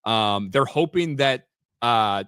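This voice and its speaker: A man's voice: medium pitch, animated, slow, a bit bright, smooth, dry recording, studio quality. A young man co-hosting a casual podcast chat, blunt and dismissive, swearing freely. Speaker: co-host.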